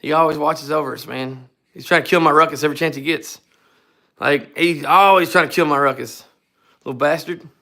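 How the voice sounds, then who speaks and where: A man's voice: fairly high pitch, fairly even intonation, fairly quick, sharp tone. A man co-hosting a scooter garage live stream, chatting in a loose, joking, rambling way. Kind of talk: casual live-stream chat.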